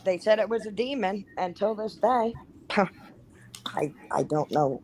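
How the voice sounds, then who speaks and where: Animated woman telling a ghost story. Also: mid-range voice, measured pace, slight background noise, low-quality recording. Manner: animated, profane, acts out quoted lines. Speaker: guest. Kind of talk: casual storytelling.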